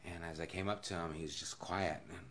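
A man teaching a Bible study as a pastor in a conversational sermon, telling stories and shifting from hushed and low to loud and emphatic. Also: fairly even intonation, a little fast, slight background noise.

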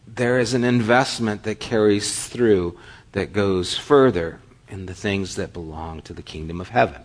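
A man's voice: lowish voice, normal speed. A middle-aged male pastor preaching a sermon, telling stories animatedly and acting out the dialogue. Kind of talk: sermon with storytelling.

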